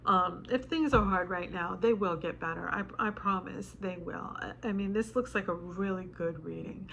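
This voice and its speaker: A woman's voice: fairly low pitch, moderate pace, creaky, a bit bright. Woman, tarot reader, tearful, choked up, chatty, casual, faint background hiss. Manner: emotional, chatty, swears casually. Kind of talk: casual tarot reading to camera.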